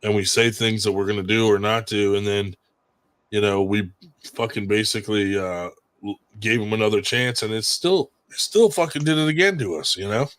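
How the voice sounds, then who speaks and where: A male podcast host rambles through casual chat, animated and swearing freely. His voice sits on the low side, at normal speed.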